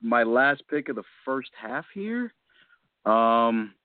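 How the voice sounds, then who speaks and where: A man's voice: mid-range voice, slow, no echo. A man co-hosting a casual wrestling podcast, thinking aloud with a laugh in his voice. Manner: lively, laughing, thinking out loud. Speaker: podcast co-host. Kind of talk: casual wrestling fantasy draft chat. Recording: tinny phone-line audio, dry.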